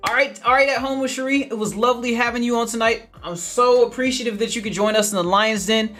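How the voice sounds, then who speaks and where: A man's voice: high-pitched, fairly bright tone. Chatty man hosting a garden livestream. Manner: laughs often, repeats phrases, upbeat and chatty. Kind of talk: casual livestream chat reading viewer comments.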